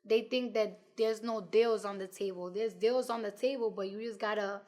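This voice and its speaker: Speaking at a moderate pace with a medium-pitched voice, this rapper in her twenties from New York tells animated stories in a casual interview. She's blunt and doesn't hold back on profanity.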